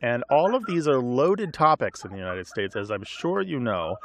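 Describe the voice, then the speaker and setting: A man's voice: medium pitch, big pitch swings, normal speed, slight background noise. A middle-aged man co-hosting a language call-in radio show, explaining in a chatty way with asides. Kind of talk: casual radio chat and explanation.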